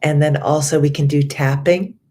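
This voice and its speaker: A middle-aged woman life coach guiding affirmations and breathing in a slow, soothing way, with many repeated phrases. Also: sits low, fairly even intonation, mellow. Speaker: life coach and yoga teacher.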